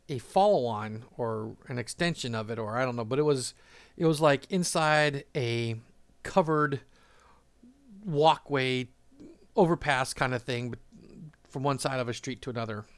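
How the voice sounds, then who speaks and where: A man's voice: medium pitch, no echo. Chuckling man rambling through a memory. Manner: rambling, laughs often, many fillers and restarts. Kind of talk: casual storytelling monologue.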